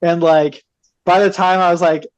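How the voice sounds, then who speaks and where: Giggly man with a higher voice. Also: normal speed, lo-fi sound. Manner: animated, giggly, heavy use of "like". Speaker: podcast guest. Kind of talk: casual chat.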